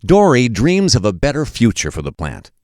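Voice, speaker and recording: A man narrating a documentary podcast in a measured, storytelling delivery. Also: medium pitch, wildly swooping pitch, darkish tone, no echo, studio quality.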